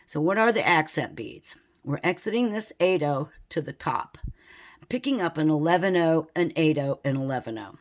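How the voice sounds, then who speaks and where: A woman giving a calm, methodical beading tutorial, counting beads aloud as she works step by step. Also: low-pitched, moderate pace. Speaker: beading instructor.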